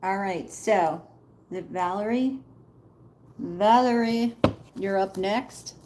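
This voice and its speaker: A woman's voice: mid-range voice, a little slow, background noise. A woman giving a casual live tarot reading, chatting directly to viewers and calling them Queen. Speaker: tarot reader.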